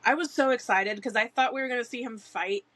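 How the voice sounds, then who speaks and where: A woman with a slightly husky voice co-hosts a relaxed podcast. She chats casually, laughs often and swears freely. She acts out characters' lines as she talks. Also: on the high side, brisk. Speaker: podcast co-host. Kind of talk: casual chat.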